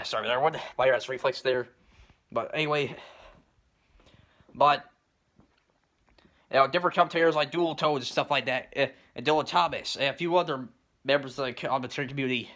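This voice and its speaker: A man delivering a rambling commentary rant, filling his points with "you know" and "stuff like that" and often clearing his throat. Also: mid-range voice, sharp tone. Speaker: commentary YouTuber.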